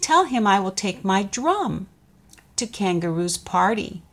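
A woman's voice: mid-range voice, big pitch swings, measured pace, fairly bright tone, exaggerated voice. A woman voicing a friendly female mouse who offers help, reading a storybook aloud. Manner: friendly, helpful.

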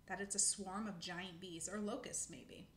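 A woman's voice: mid-range voice, fairly even intonation, normal speed, fairly bright tone, lightly acted. A woman voicing a grumpy, sarcastic young squirrel in a storybook reading. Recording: echoey room, faint noise.

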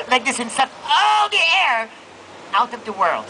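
A man's voice: extremely high pitch, very animated, fast, creaky, bright, forceful tone. A man working a street show crowd, with sarcastic, self-mocking comedy banter. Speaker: street performer. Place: outdoor street festival crowd. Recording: noisy outdoor crowd recording. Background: crowd and children.

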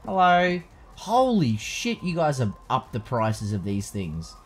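A man's voice: medium pitch, a little slow, a little hiss or hum. A young man casually commentating a video game playthrough, joking and swearing freely. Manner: profane, joking, animated. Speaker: let's play host.

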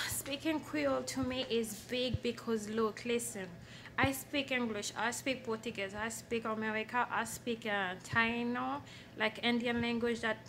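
A woman's voice: fairly high pitch, measured pace, noisy background. A young woman vlogging casually from a hospital on her phone, playful and rambling. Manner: playful, rambling, switches between languages. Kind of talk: casual vlog narration.

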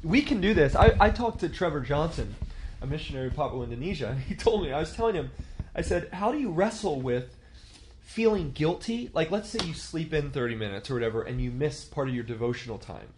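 A man's voice: on the high side, animated, brisk, a little hiss or hum. A man in his thirties teaching a church leadership class in a conversational way, asking the class questions and acting out quotes.

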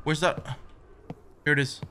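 A man's voice: fairly high pitch, steady tone, a little slow, pushed and bright, slight background noise. A man commenting on a horror game he is playing, muttering nervously to himself, swearing often and yelping when startled. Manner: jumpy, swears a lot, yelps when startled. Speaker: gaming video creator.

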